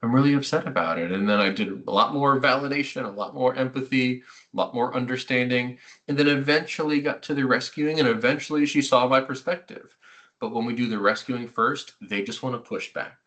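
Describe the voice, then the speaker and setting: A man's voice: medium pitch, a little fast. A middle-aged man, a therapist, giving a conversational webinar talk to parents and acting out quoted remarks. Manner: conversational, animated, acts out quotes. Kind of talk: webinar presentation.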